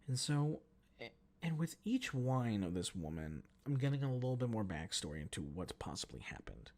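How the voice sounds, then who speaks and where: A man spins a story in a casual, profane rant. His voice is gravelly with lively, swooping pitch and a self-mocking edge. He sounds like he is talking to friends. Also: normal speed. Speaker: podcast host.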